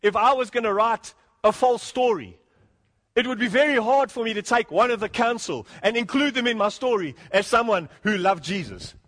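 A man's voice: high-pitched, animated, moderate pace, fairly bright tone. A man preaching an earnest expository sermon, often rising to emphatic points and chuckling between them. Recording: long hall reverb.

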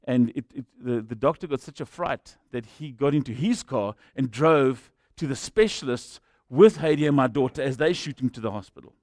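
A middle-aged man preaching a sermon, telling stories that swing from hushed to shouting. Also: mid-range voice, normal speed, few pauses, no room sound, clean studio sound. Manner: storytelling, swings from quiet to shouting. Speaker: pastor.

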